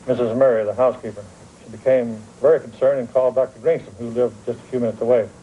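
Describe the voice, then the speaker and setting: A man's voice: mid-range voice, steady tone, fast, mellow, slightly rough, low-quality recording. An older man, a retired police officer, giving a plain, matter-of-fact account in an interview. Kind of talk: interview testimony.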